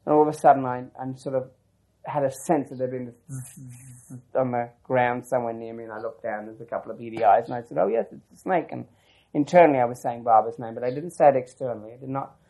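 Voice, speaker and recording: Guy telling a long story in an interview, middle pitch, rambles a lot with restarts. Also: steady tone, fast talker, warm tone, poor audio. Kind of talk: oral history storytelling.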